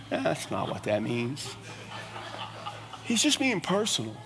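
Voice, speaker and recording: A man's voice: on the high side, very animated, moderate pace, fairly bright tone, slightly rough. A man preaching a sermon in a folksy, conversational way. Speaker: pastor. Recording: long reverb of a large hall.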